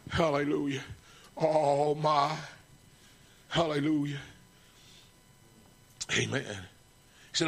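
A middle-aged man preaching a fervent sermon, swinging from shouts to hushed, tender passages. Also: fairly high pitch, steady tone, takes it slowly, vocal fry, pauses often.

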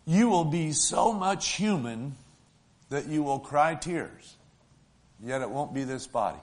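A man preaching a sermon, talking in a folksy way to the congregation and swinging between loud, stretched-out lines and soft, hushed ones. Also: fairly high pitch, animated, slow pace. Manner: emotional, swells loud then drops soft; folksy, asks the congregation "right?".

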